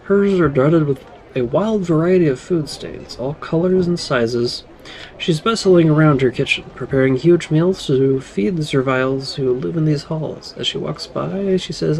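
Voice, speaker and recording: A man's voice: fairly high pitch, measured pace, gravelly, darkish tone, slight background noise, poor audio. A man narrating a game playthrough, reading descriptions aloud with casual asides. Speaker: gamer reading dialogue aloud. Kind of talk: let's play narration.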